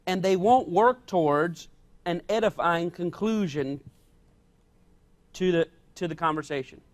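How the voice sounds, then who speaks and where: A male pastor with a high-sitting voice preaches a little slowly in a folksy, plain-spoken style. He is emphatic, repeating and stressing his key points and acting out quoted dialogue.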